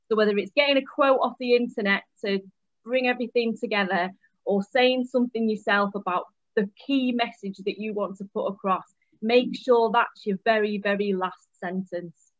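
A woman's voice: mid-range voice, a bit bright, dry recording, highs cut off. A woman, a member of parliament, chatting casually and self-deprecatingly about public speaking over a video call. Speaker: MP and panel guest.

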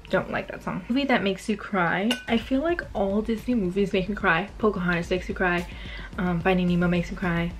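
A young woman vlogging casually while she eats, chatty and gushing, with lots of ums and likes. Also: mid-range voice. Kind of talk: casual vlog chat while eating.

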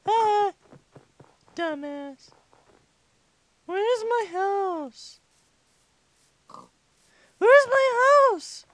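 A squeaky hyper little boy gamer. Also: unhurried, long pauses, dry recording. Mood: chatty. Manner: rambling, excitable, chatty. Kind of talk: comedic let's-play commentary.

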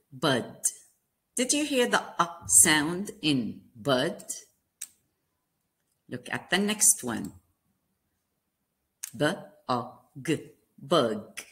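A woman's voice: low voice, fairly bright tone. A woman teaching a phonics lesson to kindergarten children, spelling out words letter by letter and asking them questions. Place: classroom lesson video.

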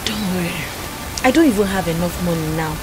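A woman's voice: fairly low pitch, animated, fast, natural voice, low-quality recording. An actress playing a kind young shopkeeper who soothes her worried boyfriend. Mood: soothing. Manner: soothing, reassuring. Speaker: shop owner. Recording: background film music.

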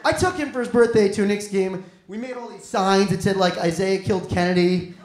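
A man's voice: sits high, brisk, crowd noise. A young man doing a stand-up comedy set, rambling and self-deprecating, swearing freely. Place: comedy club stage. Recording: echoey comedy club room.

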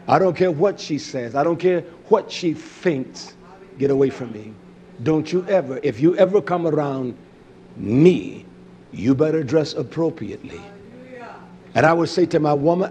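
Man, preacher, high voice, fiery sermon, combative, profane, loud bursts and low mutters. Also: animated, moderate pace, a little hiss or hum. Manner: confrontational, profane, scolding; swings between loud outbursts and low muttering.

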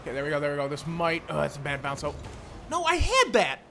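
A young man commentating his own gameplay, frustrated, swearing and yelling at his teammates. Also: fairly high pitch, wildly swooping pitch, fast talker, creaky, slight background noise. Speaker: gameplay streamer.

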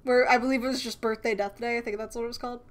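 A woman's voice: on the high side, fairly even intonation, very fast. A woman chatting casually, hesitant and stumbling over her words, with frequent exclamations. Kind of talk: casual chat.

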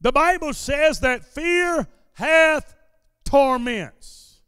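High-voiced man preaching a sermon. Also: drawn-out words, dry recording, studio quality, in a large hall. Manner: repetitive preaching cadence that builds into shouted declarations. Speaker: pastor. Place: church sanctuary during a service.

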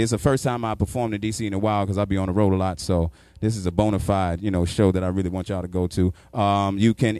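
A man's voice: fairly low pitch, clear, resonant tone, dry recording. Profane storytelling man, dry sound. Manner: animated, profane, raw street talk. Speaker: stand-up comedian.

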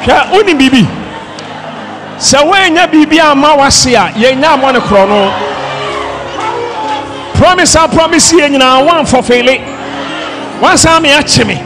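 A man from Ghana, a pastor, preaching a fiery sermon with shouted, impassioned delivery over loud music and a crowd. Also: very high voice, animated, normal speed, long pauses.

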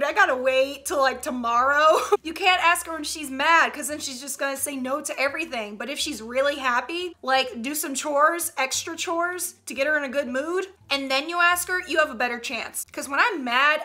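A YouTuber in her twenties reacts to memes with casual comedic commentary, her high voice pushed and bright. She speaks at a moderate pace with few pauses, chatty, laughing often and using playful slang.

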